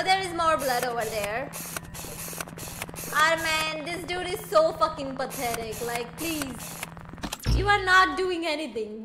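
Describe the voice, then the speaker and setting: Excitable high-voiced woman streamer. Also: noisy background. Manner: loud, excitable, swears a lot, sometimes screams. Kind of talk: let's play commentary. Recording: game music behind her voice.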